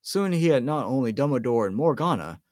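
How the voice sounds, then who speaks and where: Lively man reading a storybook aloud. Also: mid-range voice, a little fast, dry recording, clean studio sound. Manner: lively, with stumbles and self-corrections. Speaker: amateur audiobook reader. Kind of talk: storybook narration.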